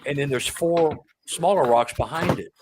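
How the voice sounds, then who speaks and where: A man on as a guest, telling a personal story in a conversational, emotional way. He gets excited and stumbles over repeated words when the memory moves him. His voice sits close to tears. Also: a little high, moderate pace, slight background noise. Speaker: author and guest.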